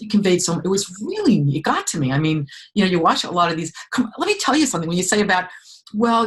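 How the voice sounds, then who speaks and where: A woman author talks as a guest in a conversational interview, her voice slightly lower than most women's. She speaks emphatically and with feeling, often restarting her phrases. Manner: expressive, emphatic, frequent restarts.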